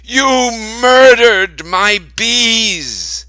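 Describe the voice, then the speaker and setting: A man voicing an old grandfather who loves his bees, speaking slowly, gently and patiently. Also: fairly low pitch, dry recording, full character voice. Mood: anguished. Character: bee-loving old grandfather, calm and stubborn.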